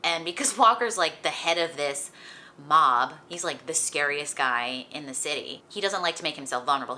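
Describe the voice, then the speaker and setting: Young woman vlogging, kinda sick, low but bright voice, says like a lot, lil laughs. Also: lively intonation, brisk, a little hiss or hum. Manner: chatty, peppered with "like" and light laughs. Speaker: book vlogger. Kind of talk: casual chat.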